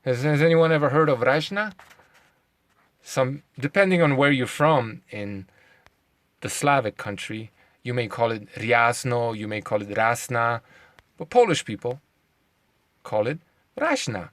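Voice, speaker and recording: A man talking straight to his viewers in a loose, unscripted monologue. He leans on sarcasm and keeps throwing rhetorical questions at the audience, then drops into muttered curses. His voice sits at an ordinary middle pitch in a dry, close sound. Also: measured pace, long pauses, a bit bright, no echo. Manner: swears, mutters asides. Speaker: video host. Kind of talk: casual monologue to camera.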